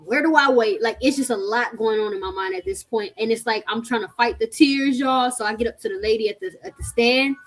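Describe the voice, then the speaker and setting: Young woman, casual vlog storytelling, lively and chatty, slightly high voice, webcam mic. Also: a little fast, few pauses, poor audio. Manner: animated, chatty, addresses viewers as y'all. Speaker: vlogger.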